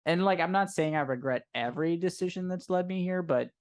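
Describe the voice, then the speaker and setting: A man's voice: sits high, fairly quick. A man in his thirties co-hosting a movie stream, talking in casual chat with a sarcastic, teasing manner. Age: 30s. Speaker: co-host.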